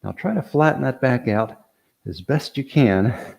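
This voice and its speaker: Slow-talking older male exercise coach. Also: mid-range voice, expressive, vocal fry, darkish tone. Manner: encouraging, counts reps, cues breathing, light jokes; talks while demonstrating the exercises. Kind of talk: guided workout instruction.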